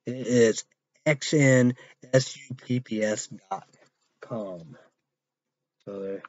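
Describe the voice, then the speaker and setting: Slow, rambling, swearing man vlogger. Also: medium pitch, a little mellow, highs cut off. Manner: rambling, profane, mumbling trail-offs. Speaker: vlogger reviewing an energy drink. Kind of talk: rambling casual vlog monologue.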